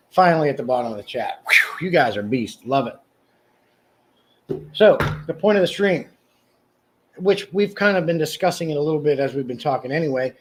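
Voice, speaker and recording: A man's voice: a bit bright, slight background noise. Man, livestream host, casual chat, rambling, talks to viewers by name. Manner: rambling, answers chat by name, many restarts; mock sales pitch, slow and emphatic. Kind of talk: casual live chat reading comments.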